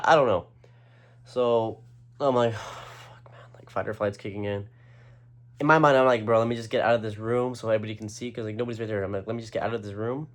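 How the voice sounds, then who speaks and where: A young man casually telling a rambling story, full of slang and fillers. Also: lowish voice. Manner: rambling, slangy, lots of "like" and "bro".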